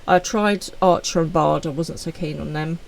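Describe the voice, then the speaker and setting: A woman's voice: low-pitched, moderate pace, vocal fry, poor audio. A woman streaming live, chatting casually and with self-deprecating humor as she reads out messages from viewers. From United Kingdom.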